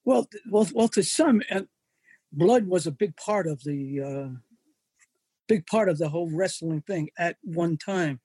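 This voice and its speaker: An older man tells stories in a high, husky voice with a mellow, dark tone. He is animated and slips into other people's voices as he recounts what happened. The sound is dry and close. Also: a little slow, dry recording. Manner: animated anecdotes, acts out quoted voices. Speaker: wrestling photographer and magazine editor. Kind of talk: storytelling in an interview.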